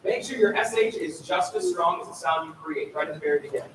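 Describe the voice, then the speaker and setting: A man's voice: a little high, fast, a bit bright, a little hiss or hum. A man coaching a young choir, speaking and singing phrases to demonstrate, heard from far off in a large room. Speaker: choir clinician. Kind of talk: choir rehearsal instruction. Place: large echoey rehearsal room. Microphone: far room recording. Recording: echoey hall recorded from far off.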